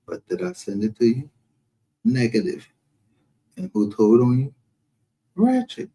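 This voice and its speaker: A man's voice: medium pitch, big pitch swings, unhurried, noisy background. Brash, profane man. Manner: brash, profane, laughs often. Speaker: livestream host. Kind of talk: casual livestream commentary.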